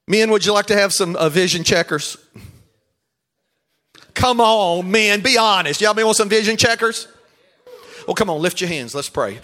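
Male preacher, high voice, comic call-and-response sermon style. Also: normal speed, pauses often, bright, forceful tone. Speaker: pastor leading a marriage seminar.

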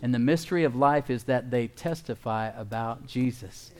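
A man's voice: medium pitch, moderate pace, a little mellow. A male pastor preaching a sermon in an emphatic way, often calling out to his congregation for an amen.

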